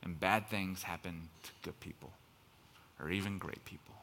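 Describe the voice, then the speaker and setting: A man with a low, fairly even, slightly bright voice preaches at normal speed against slight background noise. He talks conversationally and with passion, saying things like "kind of", and at times breaks into emphatic bursts.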